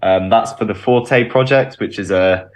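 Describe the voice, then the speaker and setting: A man's voice: on the low side, moderate pace. A man, a band's drummer, answering radio interview questions with many ums and restarts. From Bristol, England. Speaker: band drummer, interview guest.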